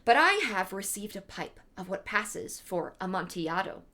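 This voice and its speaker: A woman's voice: mid-range voice, very animated, normal speed, bright, forceful tone. A woman reading the formal, courteous lines of a scheming wealthy man who feigns polite concern, on a livestream.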